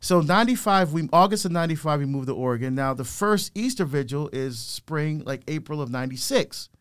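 Middle-aged guy telling stories, kinda high voice, acts out the quotes, lively. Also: a little fast, smooth. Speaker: deacon and guest speaker. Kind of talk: animated personal storytelling.

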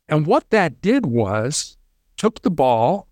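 A man who is a former SWAT hostage negotiator, talking fast in an interview and often restarting with repeated words. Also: a little high, big pitch swings, a little mellow, no room sound, clean studio sound. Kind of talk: casual interview storytelling.

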